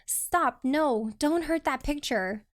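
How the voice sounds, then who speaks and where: A fierce, wounded young woman warrior from a game story speaks in blunt, clipped lines, read out by a woman. Her voice sits a little high. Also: slow. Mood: pleading.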